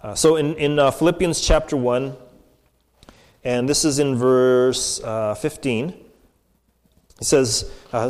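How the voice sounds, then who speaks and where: A man delivers a sermon in a casual, conversational way, often restarting his phrases and asking "right?" to check in. His voice sits at a middle pitch. It rings with a long reverb, as in a church hall. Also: steady tone, slow, long pauses, a little mellow. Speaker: preacher.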